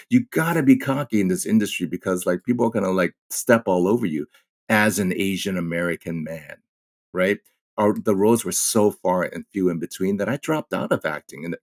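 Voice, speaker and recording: Deep-voiced man, animated storyteller. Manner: animated, acts out quoted exchanges. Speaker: guest actor. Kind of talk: candid conversational storytelling.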